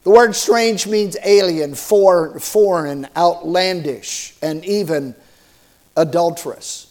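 Guy pastor preaching slow, kinda high voice, asks the church questions and cracks little jokes. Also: a little mellow. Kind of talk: sermon.

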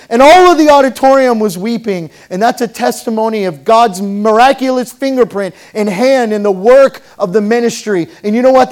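A man with a high voice preaches a sermon as pastor. He tells stories from church life, dropping to a hush and then rising to loud, fervent peaks. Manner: storytelling, swinging from hushed to loud and fervent.

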